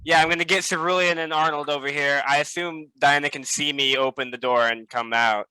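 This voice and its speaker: A man's voice: fairly high pitch, fairly even intonation, a little fast, sharp tone, clean tone, poor audio. A man playing a tabletop game, chatting casually in a rambling, self-mocking way. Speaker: player.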